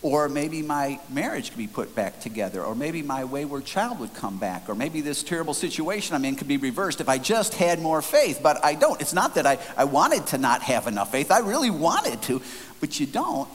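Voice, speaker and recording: A man's voice: a little high, sing-song, normal speed. A man preaching in an earnest, conversational storytelling way, with frequent restarts. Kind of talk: sermon storytelling. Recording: faint hiss, long hall reverb.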